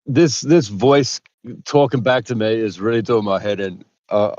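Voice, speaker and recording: A man's voice: fairly low pitch, measured pace, darkish tone, no echo, dull audio. A man calling in over a voice chat app while driving, chatting in a friendly, easygoing way. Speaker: caller. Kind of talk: casual call-in chat. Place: driving in a car.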